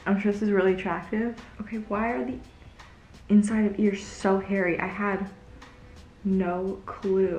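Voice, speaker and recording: A woman's voice: medium pitch, little pitch movement, moderate pace, a little mellow, roomy sound, lo-fi sound, slight background noise. A young woman vlogging casually as she tests a gadget, chatty and easily grossed out. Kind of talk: casual product-testing vlog.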